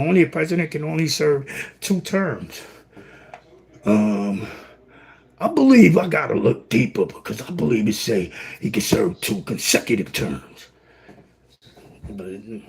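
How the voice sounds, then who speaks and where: A man preaching on a livestream, fiery and preachy, swinging from loud outbursts to a near-whisper. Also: medium pitch, very animated, unhurried. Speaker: livestream host.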